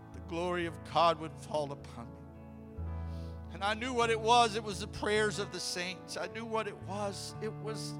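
A man preaching a sermon as a pastor, telling a testimony fervently with frequent hallelujahs and amens, stumbling over repeated words in calmer stretches. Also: fairly high pitch. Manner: halting repetitions when calm.

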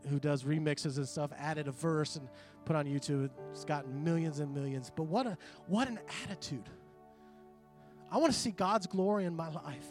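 A middle-aged man preaching a conversational sermon, animated and full of quoted asides. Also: fairly high pitch. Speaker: pastor.

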